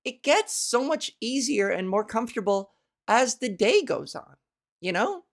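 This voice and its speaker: A woman hosting a casual solo podcast, rambling and self-mocking, laughing at her own jokes while working on a softer voice. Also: a little high, big pitch swings, unhurried. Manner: practicing a softer voice with resonance and inflection. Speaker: podcast host. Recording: fan blowing near the microphone.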